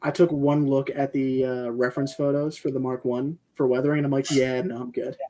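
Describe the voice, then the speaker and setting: A man in casual chat among friends, relaxed and agreeable, often giving short replies. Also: mid-range voice, fairly quick.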